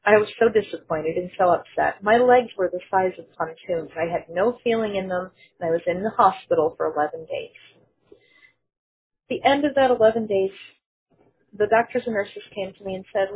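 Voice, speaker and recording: A woman's voice: mid-range voice, normal speed. A woman sharing a personal testimony in an earnest storytelling manner, quoting others in her own voice. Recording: phone-like narrow sound.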